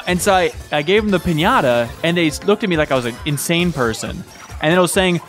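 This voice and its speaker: A man co-hosting a casual chat while playing a party game, telling stories in an animated, jokey way. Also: a little high, fast talker, soft background music. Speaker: co-host.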